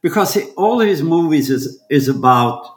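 Man, actor, casual anecdotes, animated, swears, echoey room. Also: fairly high pitch, moderate pace. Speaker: actor and guest.

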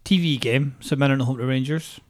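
Scottish man, football podcast co-host, quick talker, blunt sweary banter. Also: mid-range voice, a little mellow. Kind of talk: casual football chat.

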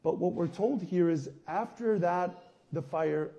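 A male priest giving a conversational sermon, going from soft, quiet asides to loud emphatic passages. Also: high-pitched, measured pace, gravelly. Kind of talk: sermon teaching.

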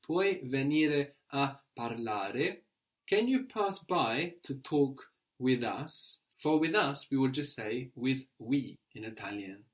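A man teaching a guided language lesson, asking prompting questions and slowing down to model phrases. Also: medium pitch, lively intonation.

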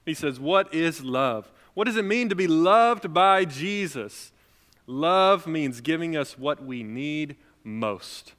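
A young adult man preaching a sermon as pastor, swinging between loud, emphatic lines and soft, quiet ones. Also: fairly high pitch, animated, takes it slowly. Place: church sanctuary. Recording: long reverb of a large hall.

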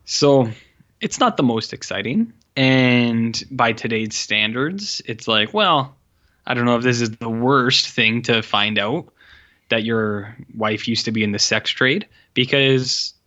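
A man's voice: mid-range voice, slow, highs cut off. A man casually reviewing an old film with a co-host, swearing freely and acting out the characters' lines. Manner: animated, profane, acts out characters' lines. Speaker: podcast co-host.

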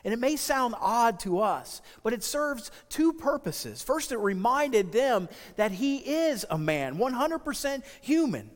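High-voiced preacher in a reverberant sanctuary. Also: male voice, big pitch swings. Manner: earnest, emphatic preaching with slow stressed phrases. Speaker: pastor. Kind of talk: sermon.

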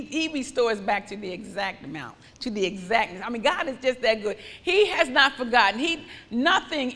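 A woman preaching a sermon with fervent, repetitive declarations that rise into loud praise. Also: on the high side, big-room sound.

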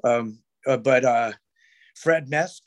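A man's voice: mid-range voice, slow pace. A man as a podcast guest, telling rambling stories with heavy swearing and many restarts. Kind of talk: casual podcast chat.

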